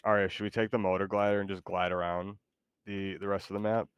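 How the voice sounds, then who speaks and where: A man's voice: deep voice, flat delivery, quick pace, background noise. A man chatting casually and playfully while streaming a game. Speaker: Twitch streamer. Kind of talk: casual gaming stream chat.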